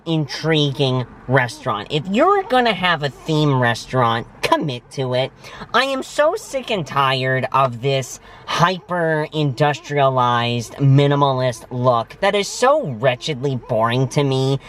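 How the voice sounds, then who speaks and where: A man's voice: on the high side, a bit bright, slight background noise. Gushing man vlogging from his car. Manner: emphatic, gushing, dramatic word choices. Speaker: vlog host. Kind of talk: casual food review vlog. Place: parked vehicle.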